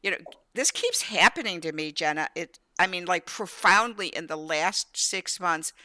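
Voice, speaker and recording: Older lady hosting a talk show, bright crisp voice, dry close sound. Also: fairly low pitch, moderate pace, no echo. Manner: animated storyteller, direct and candid. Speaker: show host. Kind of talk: casual interview conversation.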